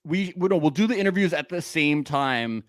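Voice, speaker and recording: A man's voice: on the high side, animated, a bit bright, no echo, studio quality. A man co-hosting a podcast, recapping a show in casual, jokey banter and often laughing. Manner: jokey, laughing, quick impressions. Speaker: podcast co-host.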